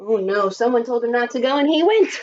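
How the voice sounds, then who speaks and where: A woman teacher reading a story aloud to children, expressive and adding little asides. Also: a little high, fast, highs cut off. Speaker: primary school teacher.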